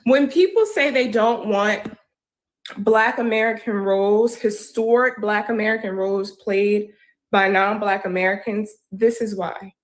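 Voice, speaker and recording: A woman giving opinionated news commentary, indignant and forceful. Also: mid-range voice, measured pace. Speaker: co-host.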